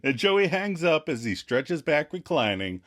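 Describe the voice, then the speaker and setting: A man co-hosting a podcast, recapping a sitcom episode in casual chat and acting out the characters' lines in high, squeaky voices. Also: very animated, measured pace, a bit bright. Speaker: podcast co-host.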